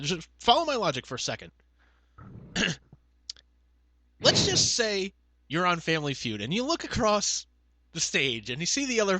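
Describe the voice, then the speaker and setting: A podcast co-host with a high-set, bright voice that rises and falls a lot as he jokes his way through rambling tangents. The sound is close and dry, with no room echo. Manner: joking, rambling comic tangents. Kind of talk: casual podcast chat.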